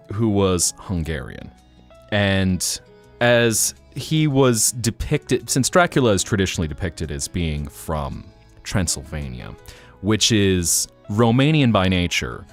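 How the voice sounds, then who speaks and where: Male stream host, low voice, lively and rambling, faint music behind. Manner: animated, rambling, jokey. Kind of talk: casual live stream chat.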